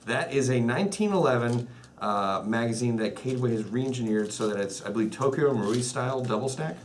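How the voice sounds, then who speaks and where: A man's voice: medium pitch, brisk. A man co-hosting a live online show, chatting in a rambling, easy way. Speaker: show co-host. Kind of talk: casual chat. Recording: noticeable background noise.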